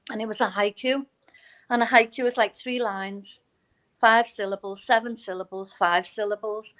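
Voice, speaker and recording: A woman's voice: mid-range voice, normal speed, poor audio. A middle-aged woman, telling stories in a casual chat as a guest and acting out the people she quotes. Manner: animated, acts out quoted voices. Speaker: guest, novelist and poetry teacher.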